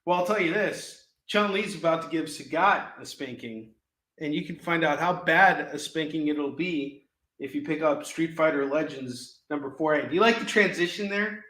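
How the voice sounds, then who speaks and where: A man in his forties hosts a live comic sales stream, full of jokes, goofy asides and bursts of laughter. His voice is bright and forceful, sitting a bit high for a man, and it rings in an echoey room. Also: moderate pace. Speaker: live shopping show host selling comics.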